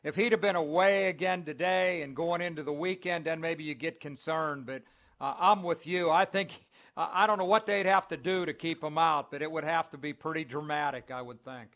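Male co-host, halting, casual, slightly high voice. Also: steady tone, fairly bright tone. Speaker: radio co-host. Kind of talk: casual chat.

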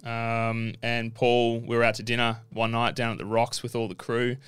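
A man's voice: mid-range voice, level tone, moderate pace, fairly bright tone, clear, resonant tone, no room sound. An Australian man, a racing driver guest, telling stories in a rambling, casual way with many fillers. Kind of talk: casual podcast interview.

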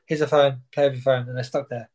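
A man's voice: medium pitch, little pitch movement, fast, a little mellow, poor audio. A young man, a boxer chatting casually in an interview and rambling with plenty of fillers and repeats. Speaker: boxer guest. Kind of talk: casual chat.

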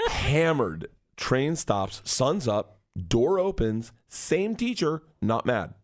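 A comedian man telling a wild story in a radio studio, loud and laughing, acting out the voices of the people in it. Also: mid-range voice, big pitch swings, a little slow. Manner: loud, laughing, acts out voices in his stories. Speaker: comedian guest. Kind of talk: animated storytelling.

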